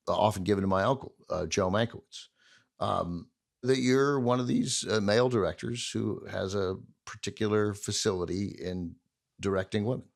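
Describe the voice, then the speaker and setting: A man's voice: fairly low pitch, vocal fry. A man hosting a podcast interview, asking long, rambling questions in conversation. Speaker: podcast host.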